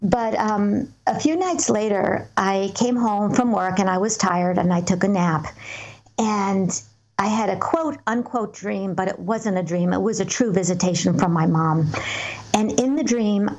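This guest, a woman who works as a medium, has a mid-range voice. Calm and earnest, she tells stories and answers the interviewer's questions at a measured pace.

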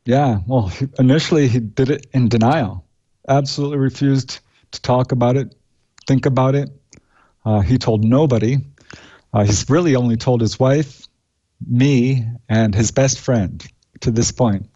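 A man with a warm, darkish voice explains the cases he researched as an interview guest. He speaks plainly and matter-of-factly, often pausing on "uh". The recording is dull and lo-fi. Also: mid-range voice. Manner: recounts cases in a steady matter-of-fact way, with frequent "uh" fillers. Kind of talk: conversational interview.

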